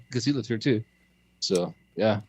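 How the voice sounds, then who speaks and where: A man's voice: fairly low pitch, animated, a little slow, darkish tone, slightly rough, dry recording. A man co-hosting a podcast in casual chat, stammering and repeating words, laughing often.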